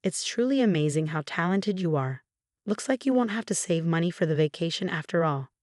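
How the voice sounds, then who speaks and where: A woman's voice: lowish voice, expressive, a little fast, a little mellow, dry recording, studio quality, close to an everyday voice. A woman voicing a condescending, meddling older mother-in-law who belittles her son's wife. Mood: defensive. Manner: haughty, belittling.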